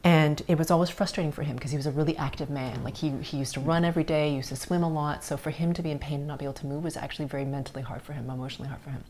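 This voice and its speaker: Podcast host, woman, middle-aged, low-pitched, earnest storyteller who slips into soft whispers. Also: steady tone, very fast, few pauses, slight background noise. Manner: earnest, drops to soft whispers at tender moments. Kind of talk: personal storytelling on a spiritual podcast.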